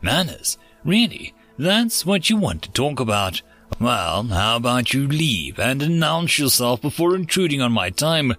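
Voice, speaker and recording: A man's voice: very animated, measured pace, fairly bright tone, soft background music. A man voicing a wry, defiant dying man who banters sarcastically and asks pointed questions. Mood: sarcastic. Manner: sarcastic, questioning, a bit higher than narration.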